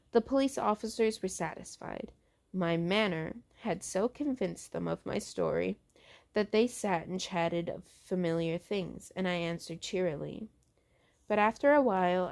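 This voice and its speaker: A woman hosting a show, reading a horror story aloud in a halting way, restarting on words. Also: lowish voice, vocal fry, darkish tone. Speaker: host reading books aloud.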